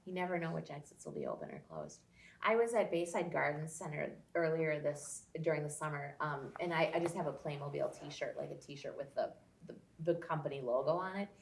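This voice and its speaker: A middle-aged woman telling lively anecdotes in casual conversation, acting out what others said. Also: low-pitched, a little fast, vocal fry, a little hiss or hum. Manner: animated, acts out quoted people in a raised voice. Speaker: guest, social media creator. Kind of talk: casual storytelling.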